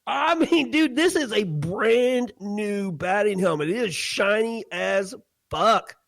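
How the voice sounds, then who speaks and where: Animated laughing man telling stories. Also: high-pitched, takes it slowly, vocal fry, dry recording. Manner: animated, laughing storyteller with crude humor. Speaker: podcast co-host. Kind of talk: casual storytelling chat.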